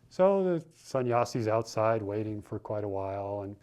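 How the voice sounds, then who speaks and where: A man gives a sermon in a low voice, speaking informally and telling a story as he goes. He often restarts his sentences mid-thought. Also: very animated, normal speed, darkish tone. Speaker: spiritual teacher.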